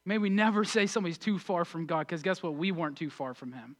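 A man pastor preaching a sermon and leading prayer, energetic and emphatic with fervent peaks. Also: fairly high pitch, quick pace.

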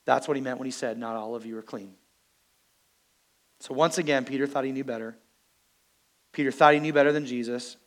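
A male pastor preaching a sermon, animated and joking with the congregation. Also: mid-range voice, brisk, long pauses.

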